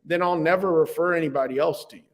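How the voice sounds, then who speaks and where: A man's voice: on the high side, quick pace. Earnest man with a reverberant voice. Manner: earnest and reflective, speaks from the heart. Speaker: podcast guest. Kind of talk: conversational podcast interview.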